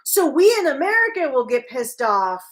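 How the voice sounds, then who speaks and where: A woman co-hosting a casual livestream chat, animated and teasing. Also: sits high, moderate pace. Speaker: livestream co-host.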